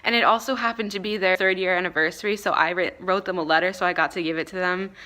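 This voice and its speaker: A woman's voice: fairly low pitch, steady tone, quick pace, sharp tone. A young woman telling the story of a concert day in a casual, earnest way, full of "like". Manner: earnest, heavy use of "like". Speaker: fan recounting a concert day.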